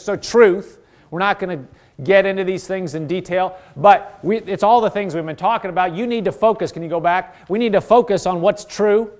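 A man's voice: high-pitched, moderate pace, a little mellow. A man preaching a sermon, earnest and exhorting, often repeating phrases and restarting his sentences.

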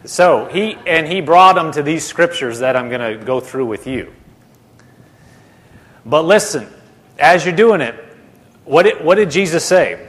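Guy preaching, kinda high voice, tells stories and hammers points home, big echoey church hall. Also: expressive, measured pace, long pauses, fairly bright tone. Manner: storytelling, emphatic repetition. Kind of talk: sermon. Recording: long reverb of a large hall.

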